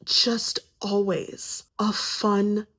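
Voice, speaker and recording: A woman's voice: medium pitch, flat delivery, drawn-out words, a bit bright, husky. A young woman vlogging about books in a casual, rambling, self-mocking way, short on sleep. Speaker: book vlogger. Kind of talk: casual vlog chat.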